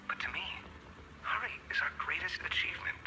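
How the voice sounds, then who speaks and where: An actor playing a gentle, earnest young father in a game cutscene, reassuring and urgent. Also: sits high, animated, brisk, soft background music, full character voice, rough recording. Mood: tender.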